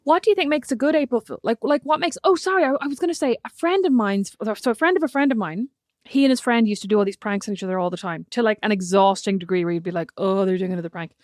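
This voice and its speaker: A woman co-hosts a podcast with her sister, chatting casually and teasing her while telling stories in a lively way. Her voice is on the high side and quick-paced, with clean studio sound and no room sound.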